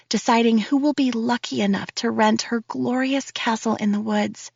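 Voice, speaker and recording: A woman's voice: on the high side, no room sound. Woman narrating a first-person audiobook. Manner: nervous, breathless first-person storytelling. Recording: dull, dry studio read.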